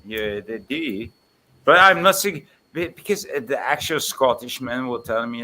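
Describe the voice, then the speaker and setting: A man from the Netherlands chatting casually on a stream, rambling and joking with big swings in pitch. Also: lively intonation, unhurried, pushed and bright. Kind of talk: casual chat.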